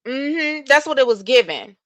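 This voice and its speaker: A woman's voice: high-pitched, very animated, a little slow, no room sound. A woman hosting a casual livestream, reading text messages aloud to her viewers and weighing in with her own opinions. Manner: addresses viewers directly as y'all. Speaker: livestream commentary host.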